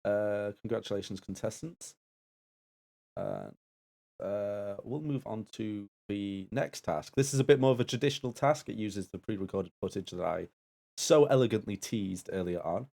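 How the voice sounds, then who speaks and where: A man's voice: on the low side, sing-song, moderate pace, gravelly, a little mellow. A man co-hosting a live-streamed game show, moving things along with jokey, self-mocking remarks. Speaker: game show assistant and co-host.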